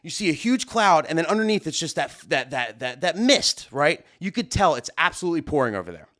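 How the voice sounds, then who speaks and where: Fired-up guy on a live stream, talks with lots of likes and rights, voice sits a bit high. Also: a little fast. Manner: animated, excitable storytelling with many fillers. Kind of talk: casual live stream storytelling. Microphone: studio mic at a desk.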